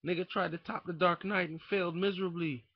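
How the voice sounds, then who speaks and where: A young man ranting casually into a webcam indoors, profane and rambling, swinging from muttering to shouting. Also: high-pitched, fairly even intonation, fast, dry recording. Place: indoors at home. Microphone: webcam mic. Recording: dull lo-fi webcam audio.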